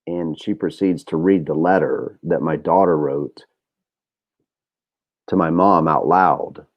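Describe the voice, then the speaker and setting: Man, middle-aged, very deep voice, slightly dull recording, candid and profane, podcast monologue. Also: slow pace. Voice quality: candid and profane, rambling with many fillers. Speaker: podcast host. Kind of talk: casual monologue.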